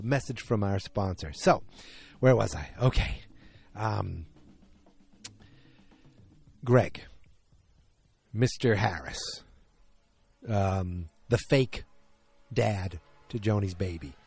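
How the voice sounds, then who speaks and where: A man's voice: lowish voice, darkish tone. A man hosting a podcast, recapping an episode in a casual, rambling way with lots of fillers and restarts. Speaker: podcast host.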